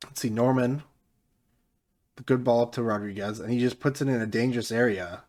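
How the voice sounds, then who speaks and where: A man giving casual, mostly flat commentary over his own football management game, getting livelier when something happens. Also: normal speed, pauses often. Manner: mostly flat and low-key, jumping up excitedly at goals; self-described monotone delivery. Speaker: gaming YouTuber.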